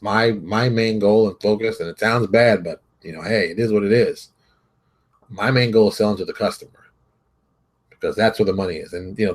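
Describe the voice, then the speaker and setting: A man hosting a solo opinion show, talking emphatically, repeating his points and restarting sentences as he goes. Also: on the low side. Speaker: host and game publisher.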